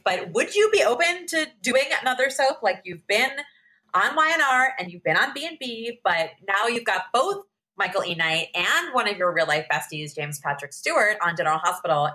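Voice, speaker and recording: A woman's voice: medium pitch, pushed and bright. A woman co-hosting a podcast, asking a guest questions in a chatty, casual way. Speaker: podcast co-host. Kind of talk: casual interview chat.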